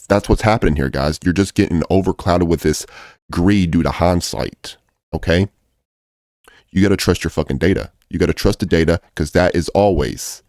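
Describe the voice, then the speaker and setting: This trading coach, whose voice is low and a touch mellow, gives casual trading advice with blunt profanity, repeating points to make them stick. The sound is echo-free and studio quality.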